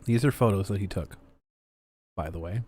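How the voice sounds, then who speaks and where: A Canadian man hosts a casual livestream, reading viewer messages aloud and adding sarcastic commentary full of swearing. His voice sits low and moves at a normal speed, with heavy noise in the background.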